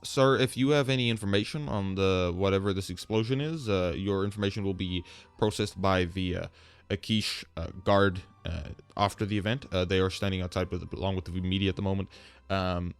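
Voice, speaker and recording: A man's voice: sits low, fairly even intonation, smooth. Man doing a polite, flustered venue staffer. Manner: formal, polite, halting.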